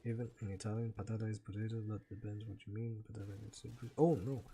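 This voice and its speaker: A man's voice: lowish voice, steady tone, fast talker, dark tone. Chatty Greek man streaming. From Greece. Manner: chatty, laughs often, answers chat. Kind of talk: casual live-stream chat while gaming.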